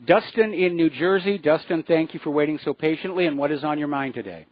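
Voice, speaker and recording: A man hosting a call-in radio talk show, explaining his views in a measured way with frequent fillers. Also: fairly high pitch, dry recording, muffled recording. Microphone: studio microphone.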